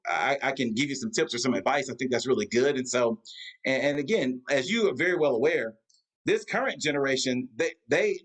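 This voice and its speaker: A man's voice: medium pitch, fairly bright tone, poor audio. A man, a pastor and guest, chatting casually on a video call, with lots of fillers and restarts. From United States. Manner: rambling, many fillers and restarts. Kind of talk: casual conversation. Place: Atlanta area.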